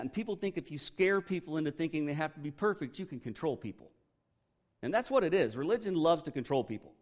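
A man's voice: a little high, a little mellow. A man, a pastor preaching a conversational sermon with candid, joking asides.

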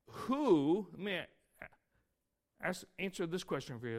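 A man delivers a sermon in a talkative, teaching manner, often stopping to check that his listeners follow along. His voice sits a little high for a man. When he reads scripture he slows down and leans on the words. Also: sing-song, a little mellow. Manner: conversational Bible teaching with asides and rhetorical questions; reads scripture aloud with emphasis. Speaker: pastor.

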